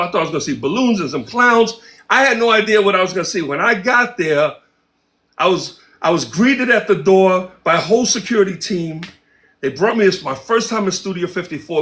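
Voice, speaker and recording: A man guest in an interview, telling a story in a casual, animated way and acting out the quoted dialogue. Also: high voice, brisk. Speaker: interview guest, music producer.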